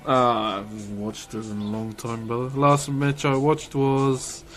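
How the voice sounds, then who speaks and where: A man's voice: mid-range voice, flat delivery, a little slow, fairly bright tone. A man chatting casually on a live stream while woodcarving, laughing often and greeting viewers. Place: carving workshop.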